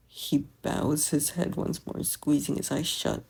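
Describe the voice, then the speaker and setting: A podfic reader narrates fan fiction aloud in a soft, subdued way. The voice is very husky and breathy, with a gravelly edge and a dark, mellow tone. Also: medium pitch, level tone, measured pace, few pauses.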